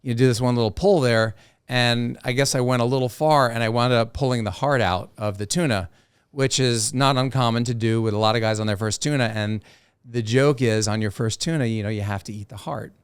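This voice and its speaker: Animated man telling a fishing story. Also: medium pitch, fairly quick, clean tone, no echo, studio quality. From South Florida. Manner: animated storyteller who acts out quoted voices. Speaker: professional angler and TV host, podcast guest. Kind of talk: casual storytelling.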